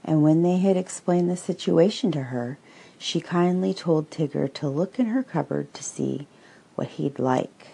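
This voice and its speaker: A woman reads a children's storybook aloud, slow and gentle. Her voice is low, dark and husky with a gravelly edge. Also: low-quality recording. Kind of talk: storybook reading.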